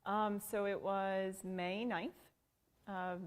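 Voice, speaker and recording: A woman's voice: mid-range voice, level tone, takes it slowly. Woman in her thirties, reverberant room. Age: 30s. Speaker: interviewer, breast cancer patient. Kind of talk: conversational interview.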